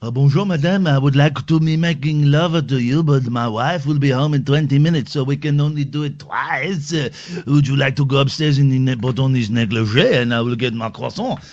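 A man's voice: mid-range voice, fairly quick, darkish tone, highs cut off, lightly acted. A man voicing a clumsy, leering Frenchman in a comic put-on French accent, in broken English. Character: leering middle-aged Frenchman, clumsy would-be seducer.

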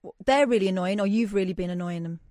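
A woman's voice: medium pitch, fast, warm tone, dry recording. A woman hosts a late-night radio phone-in, her voice sitting in a middle register. She chats and teases callers easily. The studio sound is close and dry. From Manchester, England. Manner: chatty, teasing, laughs easily.

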